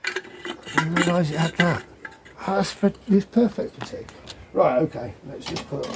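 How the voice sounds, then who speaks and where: A man's voice: high voice, unhurried, pauses often, background noise. A middle-aged man chatting casually as he demonstrates his gear, rambling with joking asides. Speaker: off-grid living vlogger.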